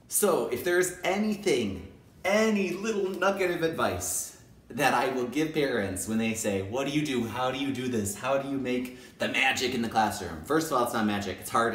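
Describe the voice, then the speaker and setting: A male kindergarten teacher talking straight to camera in a casual, animated way, repeating his points for emphasis. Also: mid-range voice, normal speed. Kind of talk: casual direct-to-camera talk. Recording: roomy echo.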